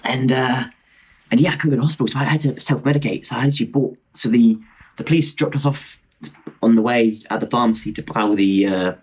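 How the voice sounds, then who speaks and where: A man in his twenties from Britain, a podcast guest rambling excitedly through travel anecdotes with frequent laughter over a video call. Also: medium pitch, fast, slightly rough. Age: 20s. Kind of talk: casual storytelling chat.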